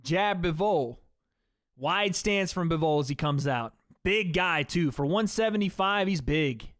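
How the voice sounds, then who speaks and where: A man's voice: fairly high pitch, expressive, measured pace, fairly bright tone, no echo, clean studio sound. A man hosting a livestream, giving casual play-by-play commentary on a fight and chatting to his viewers as guys. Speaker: livestream host.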